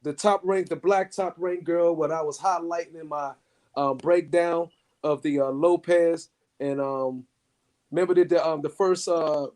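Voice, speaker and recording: Man, high-pitched, profane, excitable, laughing, casual podcast banter. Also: measured pace. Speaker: podcast co-host.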